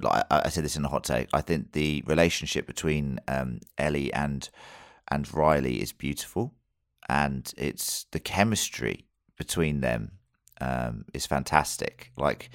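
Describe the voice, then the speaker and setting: A man's voice: extremely low pitch, no echo, studio quality. A man co-hosting a podcast, reviewing a TV episode in casual chat and rambling with many restarts and fillers.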